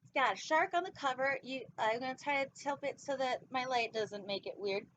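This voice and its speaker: Goofy high-voiced woman reading aloud. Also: fairly quick, fairly bright tone, a little hiss or hum. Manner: goofy, rambling asides. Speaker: host reading a picture book. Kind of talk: casual storytime reading. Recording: dull lo-fi recording.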